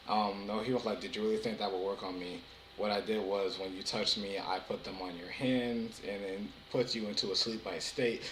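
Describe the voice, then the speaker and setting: A young man talks through a TV episode in a loose, rambling way, stumbling over restarts and fillers. His voice is bright and pushed forward, a little low. The sound bounces around an echoey room. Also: slight background noise. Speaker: TV episode reviewer. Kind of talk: casual episode recap.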